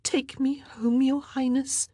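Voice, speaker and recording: A woman voicing a young noblewoman lady-in-waiting, pleading and tearful, in a high, breathless voice for an audiobook. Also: unhurried, a little mellow, breathy edge, dry recording, studio quality.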